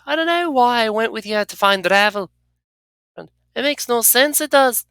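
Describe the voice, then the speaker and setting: A player voicing a prickly young tiefling woman, gruff and defensive. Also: mid-range voice, animated, moderate pace, pushed and bright, no room sound, pitched above the performer's own voice. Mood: grudging. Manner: gruff, defensive, inverted word order. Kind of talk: reading game dialogue aloud.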